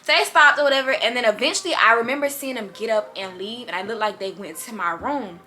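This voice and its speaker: A young woman vlogger telling a story in a casual, animated, slangy way. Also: on the high side, fast, faint music behind.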